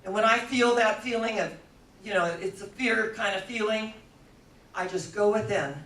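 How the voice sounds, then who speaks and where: A woman's voice: medium pitch, moderate pace, fairly bright tone. An older woman telling stories in a spiritual talk. She laughs easily and acts out the voices of the people she quotes. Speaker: spiritual speaker. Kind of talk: storytelling talk. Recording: echoey room, voice from a distance.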